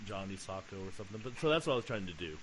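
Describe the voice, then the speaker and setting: A man co-hosting a comedy podcast, chatting casually in an offhand way and often trailing off quietly. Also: sits low, animated, racing, noisy background. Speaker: podcast co-host.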